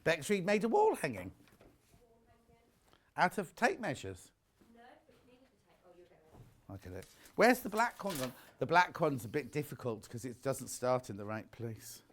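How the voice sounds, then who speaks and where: A man's voice: mid-range voice, huge pitch swings, unhurried, long pauses. A middle-aged man from the UK presenting fabric bundles on a live shopping channel, chatting in a rambling way full of jokey asides. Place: warm studio with the shutter doors open.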